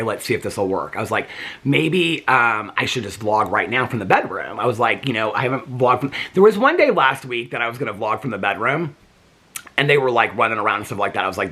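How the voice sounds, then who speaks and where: A man chats casually into the camera from his bedroom, rambling through his day. His voice is a bit husky and swings lively up and down in pitch, and he keeps drifting into sweet talk with his dogs. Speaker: vlogger. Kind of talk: casual chat. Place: bedroom at home.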